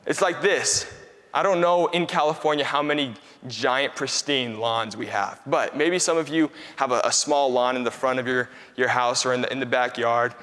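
A young man preaching a sermon, telling a lively story with repeated phrases. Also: mid-range voice, normal speed. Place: church hall. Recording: long hall reverb.

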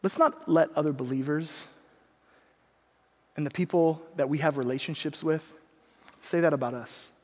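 Young male pastor, earnest and animated, with a light, high voice and a long hall echo. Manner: earnest, animated storytelling with quick asides. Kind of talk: sermon with personal story.

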